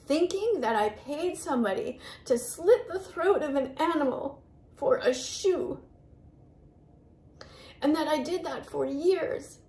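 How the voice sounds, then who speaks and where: A woman's voice: high-pitched, expressive, takes it slowly, dark tone. A woman lecturing her viewers in an earnest, preachy manner, from a played clip. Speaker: vegan activist teacher. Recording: roomy echoey clip.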